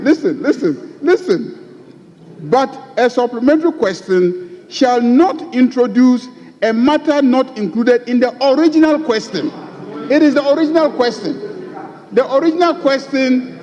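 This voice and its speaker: Man, majority leader, high lecturing voice; dull, echoey chamber recording. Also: a little mellow. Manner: lecturing, repeats key phrases for emphasis. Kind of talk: parliamentary debate. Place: large parliament chamber. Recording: dull chamber mic with long hall reverb.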